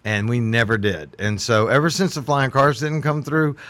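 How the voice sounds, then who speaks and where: Guy, jokey animated storyteller, dry sound, mid pitch. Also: moderate pace, no room sound. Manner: animated storyteller, laughs often. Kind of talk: casual group chat.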